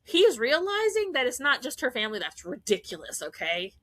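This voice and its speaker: A woman podcast host giving a casual, animated fan recap, gushing and laughing often. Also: sits high, brisk, dry recording.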